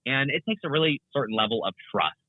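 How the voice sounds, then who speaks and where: This young man's mid-range voice has lively intonation, and he talks fast as a guest content creator in a laid-back interview. He rambles with frequent fillers and restarts. The remote call has a tinny, phone-like quality without any echo.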